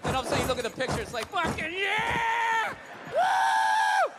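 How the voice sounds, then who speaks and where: Man, stand-up comedian, very high voice, profane ranting, loud noisy recording. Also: little pitch movement, very fast. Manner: profane, ranting, acts out arguments. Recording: loud background noise.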